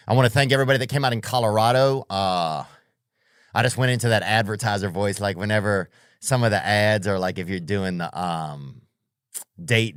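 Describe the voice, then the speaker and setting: A man's voice: low-pitched, no echo, clean studio sound. A man doing a rambling, profane comedic monologue as a podcast host, full of slang and tangents.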